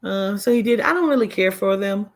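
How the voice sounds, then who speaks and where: A woman's voice: medium pitch, lively intonation, fairly quick. Chatty woman livestreaming, loose and rambling. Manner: chatty and rambling, with frequent swearing and "child" asides; reads and answers viewer comments. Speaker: livestream host. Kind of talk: casual chat with live viewers.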